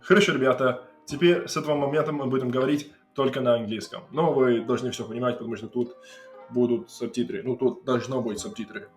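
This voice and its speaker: An American man hosting a relaxed conversation, laughing often as he talks. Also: mid-range voice, quick pace, echoey room, soft background music. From USA. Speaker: host. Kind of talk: casual chat.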